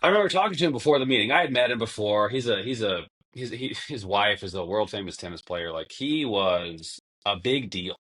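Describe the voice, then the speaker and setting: A man's voice: lowish voice, lively intonation, brisk, hardly any pauses, fairly bright tone. A young man, a former basketball player, talking casually as a podcast guest and telling long-winded stories in which he acts out quotes. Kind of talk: casual conversation.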